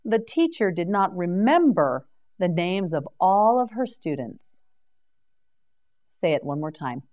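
A woman teaching English vocabulary in a slow scripted drill, enunciating each word clearly and patiently. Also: lowish voice, sing-song, darkish tone.

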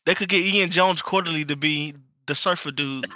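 A man's voice: a little high, moderate pace, sharp tone, dry recording. A young man co-hosting a casual podcast, laid-back and laughing, quoting theme songs and lyrics. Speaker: podcast co-host.

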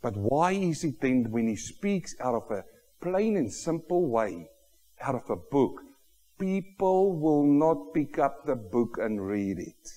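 A man preaching a sermon with emphatic, exclamatory delivery, building to loud rhetorical questions. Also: mid-range voice, sing-song, slow pace, big-room sound. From Australia. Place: church hall.

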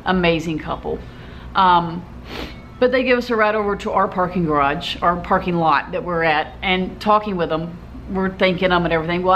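A woman's voice: on the low side, a bit bright, a little hiss or hum. A woman vlogger telling a travel story to camera in a chatty, easygoing way, laughing now and then.

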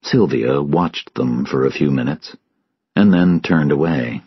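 A man narrating a story for English learners in a measured, clear way. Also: a bass voice, no room sound, lo-fi sound. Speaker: audiobook narrator.

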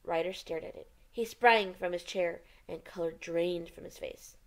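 A woman narrating a classic detective story as an audiobook reader in a clear, steady reading voice. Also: on the low side, moderate pace.

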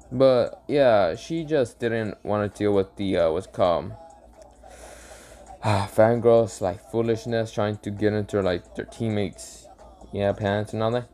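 A man with a fairly low voice loosely retelling a made-up story. He rambles, fills gaps with "uh" and "like," and keeps tripping over names before correcting himself. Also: mellow. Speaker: YouTube storyteller. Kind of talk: casual improvised fan-fiction retelling.

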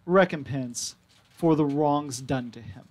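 A man's voice: fairly high pitch, slow, darkish tone. A man playing an officious town mayor. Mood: placating. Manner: stiff, officious speech. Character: formal middle-aged woman town mayor.

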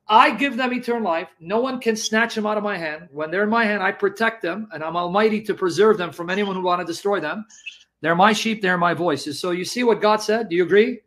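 A man's voice: high voice, a bit bright, rough recording. A man in a live religious debate, pressing his opponent with questions and reading scripture aloud. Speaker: Christian debater.

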